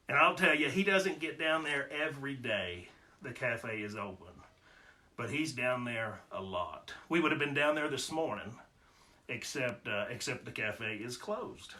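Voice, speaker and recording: A storyteller with a mid-range, bright, pushed male voice shares personal anecdotes. His delivery is casual and folksy, full of homespun humor.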